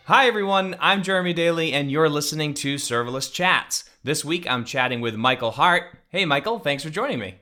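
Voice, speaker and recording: A man's voice: fairly high pitch, expressive, fairly quick, few pauses, bright, forceful tone, faint music behind. A man hosting a podcast, chatting informally with his guest and using lots of fillers. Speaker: podcast host. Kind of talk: casual interview chat.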